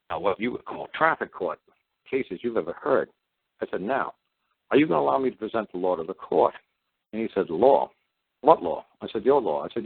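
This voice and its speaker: A man's voice: on the low side, vocal fry, husky, dry recording. A man hosting a talk show, telling a story in a blunt, combative way, repeating "I said" as he goes. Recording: tinny phone line.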